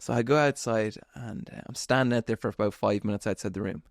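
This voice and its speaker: A man tells a story to his audience in a relaxed, earnest way with asides that poke fun at himself. His voice has a gravelly edge. The sound is close and dry, with no room echo. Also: lowish voice, quick pace. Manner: storytelling, earnest and motivational with self-deprecating asides. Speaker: podcast host. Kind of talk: casual monologue.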